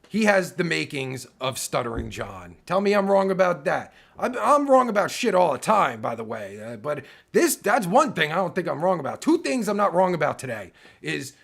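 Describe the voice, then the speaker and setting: A man's voice: a little high, gravelly, a bit bright. A man in his forties ranting loosely to his audience with heavy swearing, often breaking off mid-sentence, his voice getting worn. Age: 40s. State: losing his voice. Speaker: online video creator. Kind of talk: profane rant to camera.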